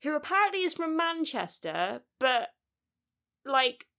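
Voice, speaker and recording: A woman's voice: high-pitched, very animated, measured pace, sharp tone. A woman co-hosting a podcast, chatting bluntly and animatedly about films, with plenty of fillers. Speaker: podcast co-host. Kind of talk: casual film review chat.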